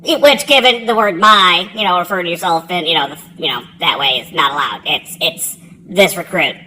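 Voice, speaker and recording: A woman's voice: fairly low pitch, a little fast, sharp tone, a little hiss or hum, rough recording. A woman telling a casual, rambling story about her own past, swearing freely and laughing at herself. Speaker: military veteran telling a story.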